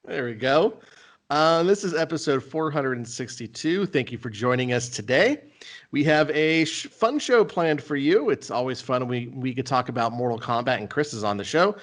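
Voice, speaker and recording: A man hosting a podcast in casual chat. His voice sits at a middle pitch, and he talks in a relaxed, self-deprecating way. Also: moderate pace. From United States. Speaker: podcast host.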